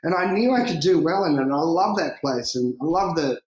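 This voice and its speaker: Man, podcast guest, animated storytelling, swears and laughs, slightly high voice, echoey room. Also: a little fast. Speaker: podcast guest, big-wave surfer. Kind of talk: casual storytelling interview. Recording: roomy echo.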